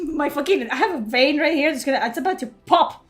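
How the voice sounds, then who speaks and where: A woman's voice: high-pitched, animated, fast talker. A young woman streaming live, ranting in casual chat with indignant outbursts and swearing. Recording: faint music behind.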